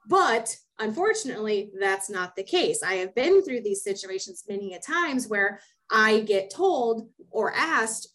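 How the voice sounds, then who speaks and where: A woman's voice: fairly high pitch, very animated, measured pace, fairly bright tone, poor audio. A young adult woman co-hosting a casual podcast, talking emphatically, laughing often and repeating words as she thinks. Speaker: podcast co-host, horse program specialist.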